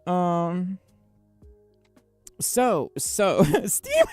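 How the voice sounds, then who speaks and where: A woman's voice: low voice, animated, unhurried, darkish tone, faint music behind. A woman chatting casually on a livestream, bubbly and giggly, reading chat messages aloud with lots of fillers. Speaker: streamer.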